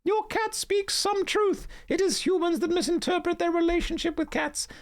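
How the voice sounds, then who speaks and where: A man's voice: very high-pitched, moderate pace, voice pushed up. A man voicing a wise old woman in a game, speaking in a grand, theatrical way. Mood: mystical. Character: wise old woman who understands cats.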